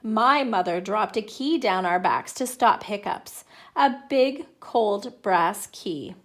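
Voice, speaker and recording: Woman reading as a friendly grinning neighbor guy, drawn-out storybook telling. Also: medium pitch, animated. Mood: reminiscing.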